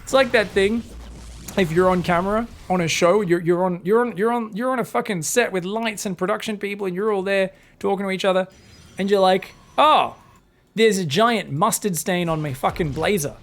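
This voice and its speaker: A young man doing solo live commentary on a strategy game, animated and profane, drifting into rambling asides between plays. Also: sits high, a little fast. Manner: animated, swears freely, drifts into rambling stories. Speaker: esports caster.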